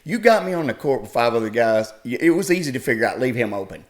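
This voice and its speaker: A middle-aged man, a podcast guest, telling old school sports stories in a folksy, animated way. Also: mid-range voice, fast talker. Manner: folksy, animated retelling with laughs. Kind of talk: casual storytelling.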